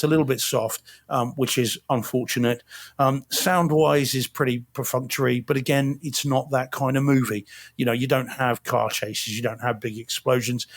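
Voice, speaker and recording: A man's voice: mid-range voice, fairly even intonation, normal speed. A man co-hosting a home theater podcast, reviewing a film in casual chat with lots of ums and restarts. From not from Boston. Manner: chatty, many fillers and restarts.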